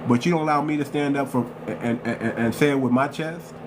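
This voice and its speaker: A man's voice: mid-range voice, a little fast, noisy background. A man hosting a live stream, talking in a confrontational way and repeating phrases for emphasis. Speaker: livestream host. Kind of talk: heated live-stream commentary.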